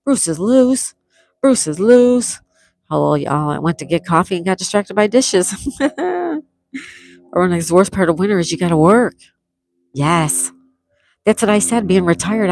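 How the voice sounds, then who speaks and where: A woman's voice: low-pitched, gravelly, dry recording, low-quality recording. A retired woman in her sixties hosting a casual livestream, reading viewers' comments aloud and chatting back. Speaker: livestream host.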